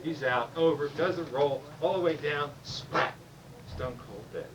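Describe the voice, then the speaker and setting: A man telling a stand-up joke with lively storytelling and loud sound effects. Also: a little high, measured pace. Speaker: stand-up comedian. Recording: distant mic, noisy room.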